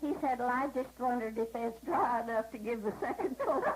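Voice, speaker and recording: A woman's voice: a little high, breathy edge, rough recording. An older woman telling folksy anecdotes in a drawling manner at home, laughing at her own punchlines. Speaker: storyteller. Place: living room of a home.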